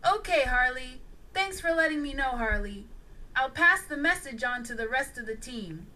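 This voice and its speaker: A woman's voice: high-pitched, lively intonation, normal speed, sharp tone, slight background noise. A woman voicing a determined male superhero leader who speaks bluntly.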